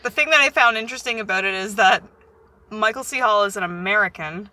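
Blunt, joking young woman, bright voice. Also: mid-range voice, fast. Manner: blunt, swears freely, jokey. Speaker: podcast co-host. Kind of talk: casual chat.

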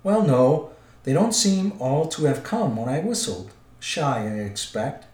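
A man's voice: on the high side, sing-song, a little slow, darkish tone. A man voicing a polite, crafty old male wizard, coaxing and careful, in a roomy recording. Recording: roomy echo.

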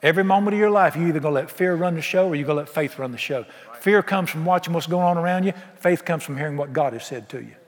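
Folksy preacher in a reverberant hall. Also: male voice, on the high side, fast, hardly any pauses. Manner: folksy, exuberant preaching with rhetorical questions. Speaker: pastor. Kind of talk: sermon. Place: church sanctuary. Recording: long reverb of a church hall.

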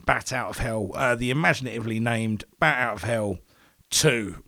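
A man from England hosts a casual podcast, chatty and fond of joking, with the odd swear. His voice sits in a middling pitch for a man. He talks loosely, with restarts and fillers. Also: normal speed, gravelly, sharp tone. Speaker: podcast co-host.

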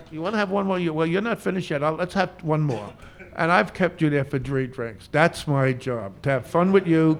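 A man's voice: medium pitch, clear, resonant tone. An older man in his seventies, a veteran bartender telling stories in a Q&A, chatty and joking with frequent laughs. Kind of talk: storytelling in a Q&A.

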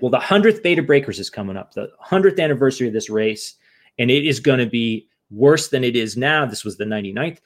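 A man casually telling a long story, acting out what others said, with many "right?" tags. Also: medium pitch. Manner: animated, acts out quoted voices; fillers and tag questions.

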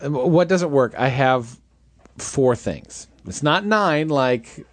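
A man's voice: medium pitch, animated, slow, no room sound. A man co-hosting a casual movie-review podcast, with dry, teasing asides. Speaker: podcast co-host.

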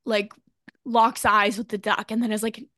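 A woman's voice: mid-range voice, level tone, normal speed, pushed and bright, dry recording, clean studio sound. A woman co-hosting a podcast, recapping an episode in loose casual chat, full of fillers and restarts. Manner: chatty, many fillers and restarts. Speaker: podcast co-host.

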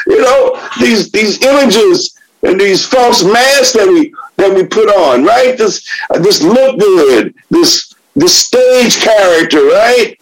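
A man in his seventies sharing his personal story at a recovery meeting, cursing freely, laughing often and swinging between loud outbursts and quiet reflection. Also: sits high, very animated, drawn-out words, a little hiss or hum, poor audio. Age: 70s. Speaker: AA meeting speaker.

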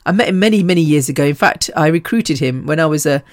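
A woman's voice: sits low, expressive, fast talker, no room sound, clean studio sound. A woman in her fifties hosting a podcast, talking in a rambling, chatty way, swearing freely and laughing between sentences. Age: 50s. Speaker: podcast host. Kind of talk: casual podcast monologue.

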